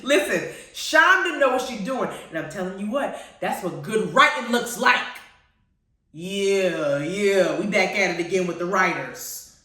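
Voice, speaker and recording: A woman's voice: mid-range voice, moderate pace. Gushing woman host in an echoey room. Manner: gushing and animated, calls listeners honey and y'all. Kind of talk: live-streamed TV review chat. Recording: very echoey room, far from the mic.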